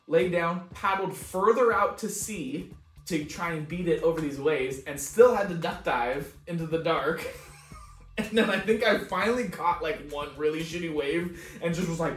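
A man's voice: a little high, a bit bright. A young adult man, a podcast co-host, telling a casual story, laughing often, swearing and acting out his own lines. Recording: echoey room, far from mic, faint music.

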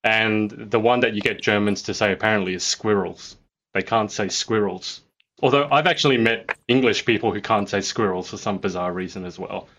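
A man's voice: lowish voice, moderate pace, fairly bright tone, dull audio. A man co-hosting a podcast, chatting casually and jokily, rambling with restarts. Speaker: podcast co-host. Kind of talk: casual chat.

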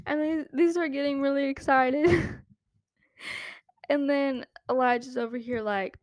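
A woman's voice: high-pitched, fairly even intonation, unhurried, no room sound, studio quality. A woman hosting a podcast, talking casually about a Bible story, chatty and giggly, with lots of "like" fillers. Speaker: podcast host.

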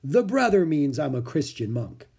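A hearty, jolly monk, bald and middle-aged, speaking with a slightly husky edge, as a storyteller puts him on. His voice swings lively up and down. He is friendly but turns serious when warning about danger. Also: a little high, normal speed, exaggerated voice.

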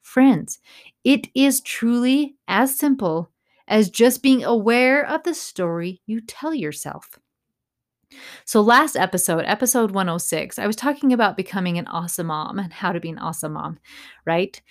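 A woman's voice: medium pitch, animated, normal speed. A woman in her thirties hosting a motivational podcast, speaking in an encouraging way and often checking in with "right?". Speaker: podcast host.

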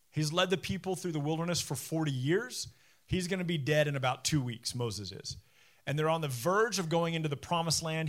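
A young pastor preaches a sermon in church, reading scripture before speaking candidly and self-deprecatingly. His pitch is fairly high, and he turns animated when he quotes.

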